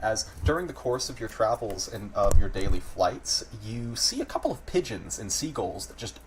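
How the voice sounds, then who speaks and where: A man narrating as game master, describing scenes in a lively way and prompting players. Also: on the low side, background noise.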